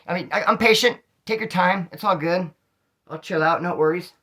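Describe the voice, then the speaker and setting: A man telling stories from his own street life in casual slang, animated and acting out the dialogue. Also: high-pitched, moderate pace. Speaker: storyteller recounting street life. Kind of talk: casual storytelling monologue.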